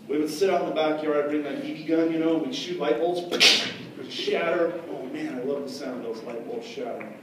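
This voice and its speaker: A man tells a story live to children, chatty and checking in with questions. His voice sits a little high. He sounds far from the mic in a very echoey hall with noise behind. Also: normal speed. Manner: chatty, asks the audience questions.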